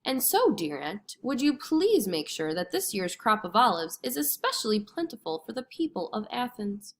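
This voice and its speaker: A woman's voice: on the high side, big pitch swings, moderate pace. A woman voicing a wise, gracious goddess. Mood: polite. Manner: gentle, polite.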